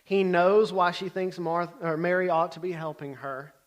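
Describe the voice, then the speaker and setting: A man with a somewhat high voice teaches a sermon in a relaxed, conversational way. He keeps checking in with his listeners, and his delivery swings between loud, emphatic bursts and quiet asides. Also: moderate pace. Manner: conversational, checks in with frequent "okay?". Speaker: Bible teacher.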